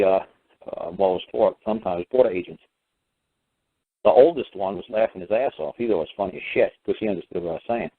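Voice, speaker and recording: A man's voice: lowish voice, no echo. A man hosting a radio show, ranting bluntly about a run-in with officials and acting out both sides of the argument. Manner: blunt, fast-talking, mimics officials in quoted exchanges; swears casually and scoffs. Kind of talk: ranting monologue with acted-out dialogue. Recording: dry phone-line radio audio.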